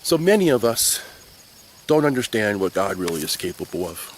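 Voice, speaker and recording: Animated man teaching kids outdoors. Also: fairly low pitch, moderate pace, a little hiss or hum. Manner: animated, playful storyteller addressing kids. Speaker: Sunday school teacher. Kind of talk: children's Bible lesson. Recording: faint crickets outdoors.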